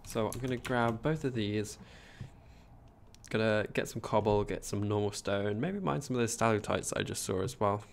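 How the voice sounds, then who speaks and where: A creaky, lowish voice at a moderate pace belongs to a man from England with a posh accent, heard over slight background noise. Building on a gameplay livestream, he chats casually, rambles, and reads out the chat.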